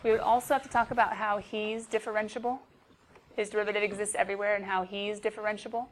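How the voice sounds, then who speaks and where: A woman's voice: mid-range voice, little pitch movement, fast. A woman teaching a math class, chatty and playful, often talking to herself as she works through problems. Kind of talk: classroom lecture. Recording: faint background noise.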